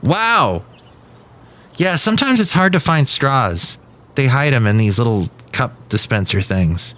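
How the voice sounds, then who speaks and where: A man's voice: medium pitch, big pitch swings, a little slow, a bit bright. A man hosting a comic one-man podcast, rambling playfully with jokey asides. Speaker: podcast host.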